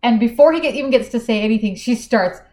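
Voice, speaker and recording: A woman's voice: fairly high pitch, fast talker, roomy sound. A woman co-hosting a book podcast, chatting casually and animatedly acting out dialogue as she recaps the plot. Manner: animated, acts out dialogue while retelling the plot.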